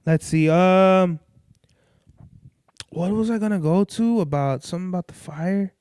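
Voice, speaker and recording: A young podcast host with a high, smooth, slightly mellow voice delivers a casual monologue at a measured pace. He rambles, swears freely and sometimes loses his train of thought, and the sound is dry and close with no room sound.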